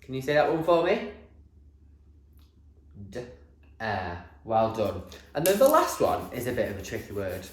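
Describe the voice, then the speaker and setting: Man, primary teacher, slow and very lively sing-song phonics delivery, echoey classroom sound. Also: lowish voice, a little hiss or hum. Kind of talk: phonics lesson for young children.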